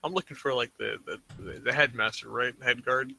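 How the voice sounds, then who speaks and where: A man's voice: medium pitch, moderate pace, creaky, sharp tone. A man playing a tabletop role-playing game who speaks casually and hesitantly. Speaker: player.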